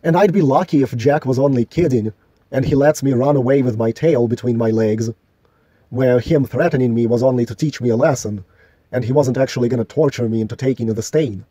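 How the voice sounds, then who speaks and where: A man's voice: mid-range voice, brisk, mellow, no echo. A man delivering a solo vlog rant in an indignant, argumentative, profane way. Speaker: vlogger.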